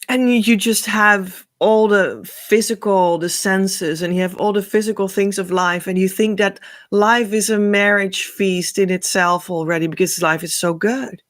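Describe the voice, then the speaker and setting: Woman spiritual host: unhurried, earnest storytelling that rambles and restarts. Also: mid-range voice, steady tone. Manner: rambling, searching for words, often restarting; emotional and earnest.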